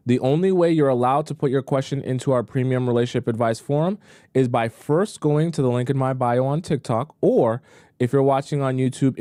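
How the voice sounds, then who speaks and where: Mellow-voiced man hosting a dating-advice stream. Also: medium pitch, dry recording, studio quality. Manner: emphatic, repeats points for stress. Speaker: dating coach and live-stream host. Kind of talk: casual live-stream advice talk.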